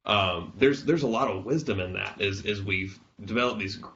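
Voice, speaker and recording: A man's voice: on the low side, normal speed, a bit bright, lo-fi sound. A man co-hosting a podcast in casual chat, talking things through with fillers and restarts. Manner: conversational, reads a quote aloud with fillers. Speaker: podcast co-host.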